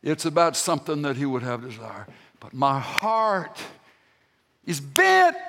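A man's voice: high-pitched, gravelly, fairly bright tone, long reverb tail. An older man, a grandfather, preaching a sermon with folksy storytelling and emphatic peaks. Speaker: pastor.

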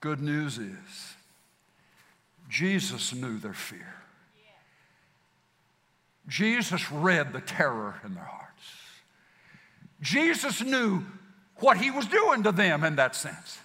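A man preaching a sermon, swinging between loud declarations and hushed passages, in a folksy manner. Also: on the high side, huge pitch swings, takes it slowly, long pauses. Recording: long hall reverb.

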